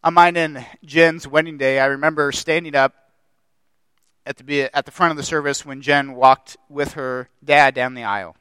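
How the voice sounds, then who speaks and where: Young man preaching, high bright voice, dry close sound, passionate repeated phrases. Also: steady tone, normal speed, clean tone, no echo. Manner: impassioned, building through repeated phrases. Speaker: pastor. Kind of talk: sermon.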